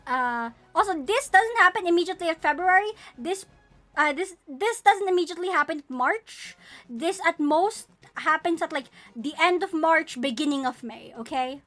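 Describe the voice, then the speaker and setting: Young female streamer, high voice, swears a lot, excitable, faint music behind. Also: moderate pace. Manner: excitable, profane, squealing fangirl bursts. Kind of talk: casual live-stream chat about her characters.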